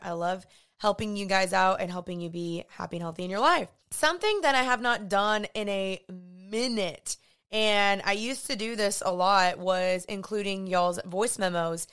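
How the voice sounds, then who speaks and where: A woman's voice: mid-range voice, a bit bright, smooth. Earnest chatty woman podcast host. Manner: chatty, earnest, uses y'all and like. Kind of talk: casual podcast talk.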